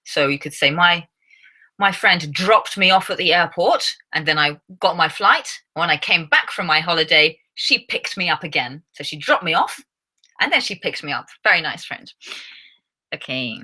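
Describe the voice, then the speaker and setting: A young English woman teaching a live online English lesson, chatty and laughing often, halting with fillers and restarts. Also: lowish voice, lively intonation, sharp tone. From England.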